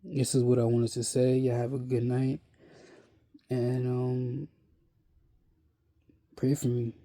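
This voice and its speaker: A weary man talks to camera at a slow crawl, his voice gravelly and very dark. His delivery is flat and halting, full of restarts and blunt swearing. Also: medium pitch. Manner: blunt and profane. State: weary and worn out. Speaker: vlogger. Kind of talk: casual monologue to camera.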